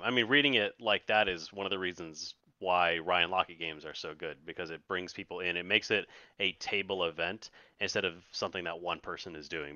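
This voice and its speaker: Deep, very bright man on a dull mic. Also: no room sound. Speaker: podcast co-host. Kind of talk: casual board game podcast chat.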